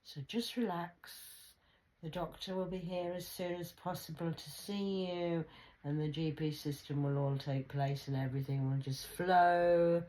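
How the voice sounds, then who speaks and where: A woman with a low voice talks into her phone alone at home at night. She rambles, swears freely, and swings from hushed whispers to sudden loud outbursts. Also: fairly even intonation, measured pace. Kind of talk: late-night solo phone vlog. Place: at home indoors.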